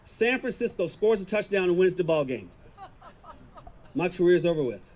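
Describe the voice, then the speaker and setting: Brief: middle-aged man, high-pitched, confessional testimony, quiet to emphatic. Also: expressive, moderate pace. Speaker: former football player giving a testimony. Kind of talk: personal testimony, storytelling.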